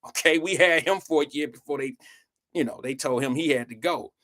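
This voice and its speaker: A man hosting a live show, telling a story in an animated way, swearing freely and speaking straight to his audience. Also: a little high, fairly quick. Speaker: show host.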